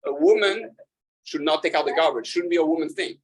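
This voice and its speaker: Halting, joking rabbi speaking to a group. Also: male voice, fairly high pitch, slightly rough, poor audio. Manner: halting, with many fillers and restarts; laughs at his own jokes. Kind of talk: casual talk to an audience.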